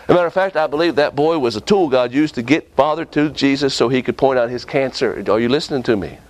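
A man preaching a sermon with impassioned delivery, often jumping up and down in pitch for emphasis. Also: fast talker.

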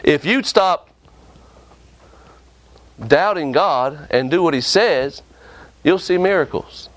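A man preaching a sermon with impassioned delivery, often jumping up and down in pitch for emphasis. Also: lively intonation, slow.

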